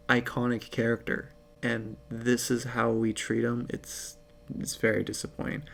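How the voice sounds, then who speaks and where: A man's voice: medium pitch, vocal fry. A man recapping a film in a casual, chatty way, filling his talk with "like" and swearing when something annoys him. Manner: conversational, says "like" a lot, swears when annoyed. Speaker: movie reviewer.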